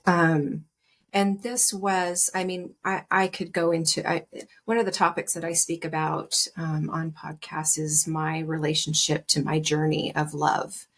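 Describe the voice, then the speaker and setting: A woman speaking as a podcast guest, soft and reflective, often hesitating and restarting her sentences. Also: sits low, level tone, measured pace, slightly rough. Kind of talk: personal conversation.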